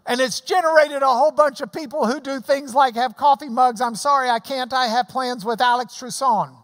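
A pastor preaching a sermon, telling stories and explaining scripture in an animated way and acting out the clapping. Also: high-pitched, a little fast. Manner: animated storytelling, mimics clapping. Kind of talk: sermon with Bible teaching. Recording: long hall reverb.

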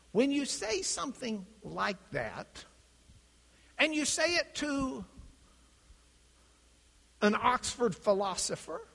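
Animated high-voiced lecturing man. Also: creaky, husky. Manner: animated, acts out voices in quotes. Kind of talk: classroom lecture. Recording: echoey hall.

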